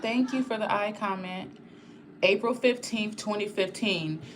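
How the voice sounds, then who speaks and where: A woman's voice: mid-range voice, a little slow, slight background noise. Candid young woman chatting live. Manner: candid and rambling, talking straight to viewers; swears freely. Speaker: channel host reading live chat. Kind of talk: casual live-stream chat.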